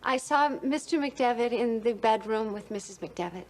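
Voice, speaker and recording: An actress playing a witness giving careful testimony in a 1980s TV courtroom drama. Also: female voice, a little high, animated, moderate pace, close to an everyday voice. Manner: plain, careful testimony with small hesitations. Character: woman witness on the stand, composed.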